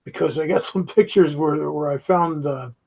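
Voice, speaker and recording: High-voiced man ranting and swearing. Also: normal speed, creaky, darkish tone, poor audio. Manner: profane, mocking, heated. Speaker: commentator reacting to a video. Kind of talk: ranting reaction commentary.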